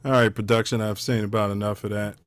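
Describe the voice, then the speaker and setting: A man hosting a talk show, explaining a video clip with measured, indignant commentary. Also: fairly low pitch, level tone, no echo. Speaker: show host.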